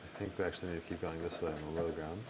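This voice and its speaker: A man's voice: low voice, level tone, rapid-fire, very noisy. A man hosting a live tech stream, casually commenting on gameplay while answering chat questions. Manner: casual, thinking aloud with fillers.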